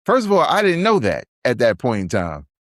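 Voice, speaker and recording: A man's voice: medium pitch, huge pitch swings, fairly quick, fairly bright tone, no echo, clean studio sound. A man, hosting a podcast and chatting casually, telling stories animatedly and acting out quotes. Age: 40s. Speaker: podcast host. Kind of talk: casual review chat.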